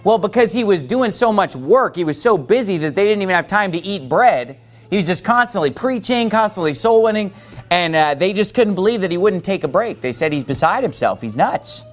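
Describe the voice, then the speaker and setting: A man with an American accent preaching an evening sermon, reading scripture slowly and then retelling it in plain everyday words. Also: high voice, lively intonation. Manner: reads scripture slowly, paraphrases in plain speech. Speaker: pastor.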